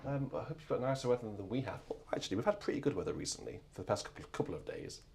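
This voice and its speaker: A man's voice: mid-range voice, expressive, rapid-fire, vocal fry, a little mellow, a little hiss or hum. A man from England hosting a live organ stream, chatting casually and rambling with self-mocking asides. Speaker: organist and livestream host. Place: church organ loft.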